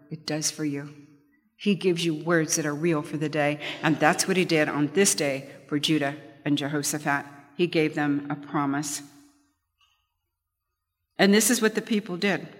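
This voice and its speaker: A woman's voice: low-pitched, moderate pace, big-room sound. A middle-aged woman giving a conversational Bible teaching, telling personal stories with chatty restarts. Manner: chatty storytelling, frequent restarts, light laughs.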